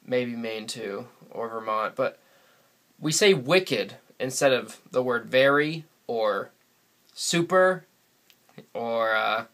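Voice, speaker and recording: This vlogger from New England, USA, has a bright, mid-range voice that's expressive, and he takes his time. Sitting by himself in front of a camera with the camera mic, he rambles through a casual vlog, chatty and laughing often.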